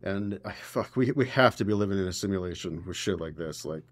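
A man's voice: sits low, fairly quick. A man hosting a political podcast, reading news stories aloud and reacting with exasperated, profane commentary. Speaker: podcast host.

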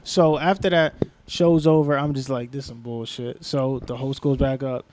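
Animated young man telling a story. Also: medium pitch, moderate pace, slight background noise. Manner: animated storyteller, acts out quoted people. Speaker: comedian telling a story on a podcast. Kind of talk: casual storytelling chat.

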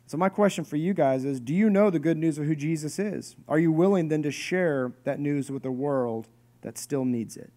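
Animated conversational pastor, man. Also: fairly high pitch. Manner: conversational, animated, joking asides, speeds up and slows down. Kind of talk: sermon. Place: church hall with congregation.

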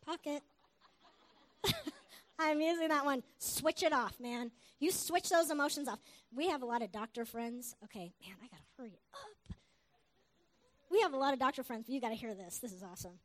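A woman preacher giving a lively sermon, telling stories and calling out to her congregation. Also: high voice. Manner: animated, exclaims hallelujah, calls to the congregation. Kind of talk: sermon with storytelling.

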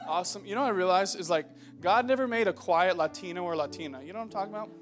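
A man in his twenties preaching a sermon in a church, loud and joking, calling out to the crowd. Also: high voice, racing, noisy background. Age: 20s. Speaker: pastor. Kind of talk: energetic sermon. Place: church hall.

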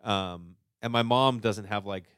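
A man with a Boston accent, a stand-up comic chatting casually as a podcast guest, animated and swearing freely. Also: lowish voice, unhurried, clear, resonant tone, no echo. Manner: animated storyteller, swears, lots of "you know what I mean".

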